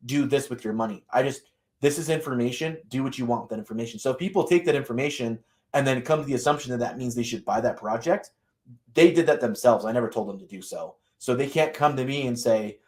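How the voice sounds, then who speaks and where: A man's voice: mid-range voice, fast talker. A man who makes crypto videos, speaking in a live panel discussion. He argues his point with emphatic rhetorical questions. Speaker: crypto content creator.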